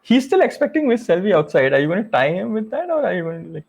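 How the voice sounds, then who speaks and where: Gravelly-voiced male game master. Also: high-pitched, very animated, fast talker, darkish tone, muffled recording. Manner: rambling, many fillers and restarts. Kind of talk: narrating a tabletop game.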